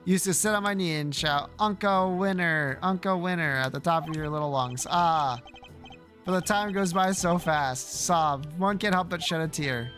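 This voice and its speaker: A sentimental old chairman who dotes on the young and sobs theatrically, voiced by a man. The voice sits high, with faint music in the background. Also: moderate pace, fairly bright tone, close to an everyday voice. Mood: weepy. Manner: theatrical, mock sobbing.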